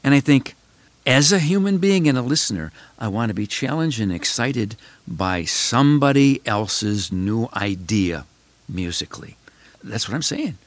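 A podcast host in his seventies from Chicago, United States, delivers a casual, reflective monologue straight to his listeners, rambling and emphatic. His medium-pitched voice is expressive and unhurried, and the recording is dry.

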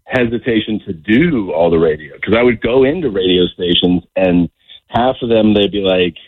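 A man's voice: fairly low pitch, normal speed, breathy edge, no echo. A man guesting on a radio show, chatting casually and telling joking stories in a radio studio. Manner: animated storyteller, joking. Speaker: comedian guest. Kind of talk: casual radio interview chat. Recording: slightly dull radio audio.

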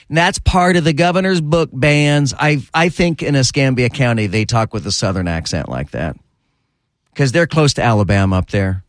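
A man's voice: medium pitch, expressive, no echo, studio quality. A man hosting a talk radio show, speaking in a sarcastic, opinionated way and repeating his points for emphasis. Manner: sarcastic, repetitive, drawn-out emphasis. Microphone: studio microphone.

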